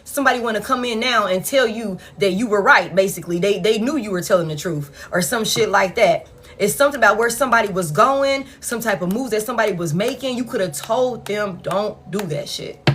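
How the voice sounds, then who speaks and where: A woman giving a casual tarot reading, blunt and profane as she tells it. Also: mid-range voice. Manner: blunt, profane, animated storytelling. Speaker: tarot reader.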